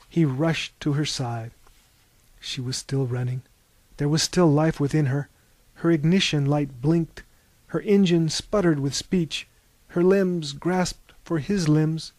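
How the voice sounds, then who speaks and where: A man reads a story aloud in a slow, deliberate, expressive manner. His voice sits a little high for a man. The recording is dry and close, with almost no room sound. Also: dry recording. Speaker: narrator. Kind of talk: audiobook narration.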